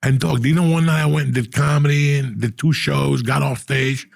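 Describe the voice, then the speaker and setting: A middle-aged man telling profane stories in a casual, animated way, acting out the people he quotes. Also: medium pitch, fairly quick, creaky, dry recording, clean studio sound. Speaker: podcast host. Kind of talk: casual storytelling.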